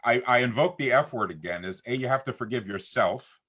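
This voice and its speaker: A man's voice: mid-range voice, fairly quick, husky. A middle-aged man in casual conversation as a talk show guest, telling stories and acting out what people said. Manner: animated storyteller who acts out quotes.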